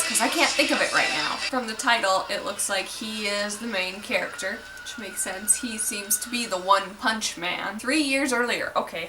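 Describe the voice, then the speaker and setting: A woman's voice: on the high side, distant mic, rough recording. A woman giving casual, wry reaction commentary while watching a show, full of "like" and asides. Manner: chatty, lots of "like", wry asides. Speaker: anime reaction vlogger. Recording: voice a bit off-mic with faint noise.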